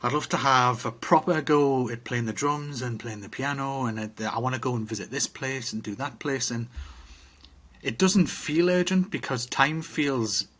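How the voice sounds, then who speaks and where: Reflective man, husky voice. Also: medium pitch, moderate pace, a bit bright. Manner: reflective, rambling with restarts. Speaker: podcast co-host. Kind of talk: casual chat.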